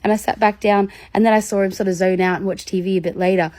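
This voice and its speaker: Animated woman explaining parenting strategies. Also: quick pace, no room sound. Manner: animated, acts out examples with big pitch jumps and laughs. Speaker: educator on demand avoidance in children. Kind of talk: casual educational talk.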